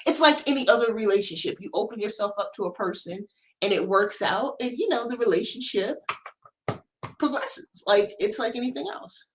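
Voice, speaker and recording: A woman hosting a stream, chatting casually in a relaxed, loose way with lots of fillers. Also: on the high side, normal speed. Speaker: stream host. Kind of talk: casual chat.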